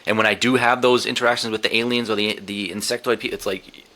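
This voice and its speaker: Bright-voiced man telling a raw story. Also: lowish voice, steady tone, quick pace. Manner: rambling, profane, emotional retelling with many restarts. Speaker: podcast guest. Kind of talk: candid storytelling interview.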